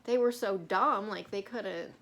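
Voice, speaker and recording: A woman's voice: mid-range voice, measured pace, fairly bright tone, slight background noise. A woman co-hosting a casual Bible-study chat, telling stories in a rambling way with many fillers. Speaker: co-host.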